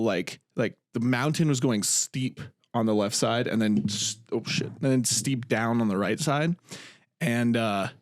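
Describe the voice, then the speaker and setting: A man's voice: mid-range voice, no echo, clean studio sound. A young man co-hosting a podcast, telling a story in casual chat, swearing freely and acting out the quotes on a podcast mic. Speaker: podcast co-host.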